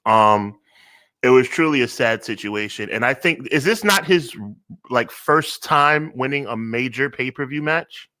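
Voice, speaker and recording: A man's voice: mid-range voice, lively intonation, measured pace, sharp tone. A man co-hosting a wrestling podcast in casual chat, blunt and mock-outraged, often restarting his sentences. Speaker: podcast co-host.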